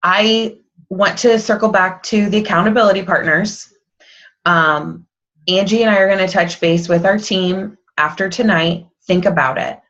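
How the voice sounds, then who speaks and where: A woman team coach speaking candidly and motivationally on a casual group call, quick to poke fun at herself. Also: mid-range voice, a bit bright, dull audio. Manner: candid, motivational, self-deprecating. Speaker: fitness coach.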